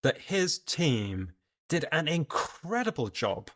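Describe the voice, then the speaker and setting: A man's voice: a little high, sing-song, slow, a bit bright. A man hosting a casual podcast discussion, talking through the subject in a thoughtful, explaining way. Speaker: podcast host.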